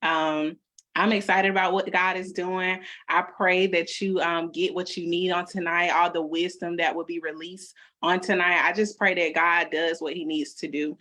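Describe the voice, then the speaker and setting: Earnest young woman with a bright, low-pitched voice. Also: level tone, normal speed. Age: 20s. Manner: earnest and prayerful. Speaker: co-host.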